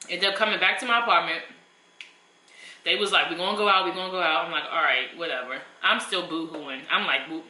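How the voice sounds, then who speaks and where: A woman's voice: medium pitch, bright, forceful tone, reverberant, low-quality recording. A young woman, telling a story casually and emphatically while eating. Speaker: vlogger.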